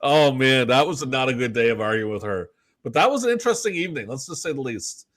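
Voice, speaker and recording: Fast and mid-range in tone, a Canadian man co-hosting a podcast keeps the chat casual and spirited. He curses and performs brief quoted dialogues.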